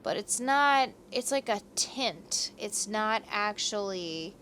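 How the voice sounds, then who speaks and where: A woman's voice: mid-range voice, lively intonation, slow pace, sharp tone, slight background noise. Chatty young woman telling history casually. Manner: chatty, rambling, profane, self-deprecating. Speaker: podcast co-host. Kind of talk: casual storytelling chat.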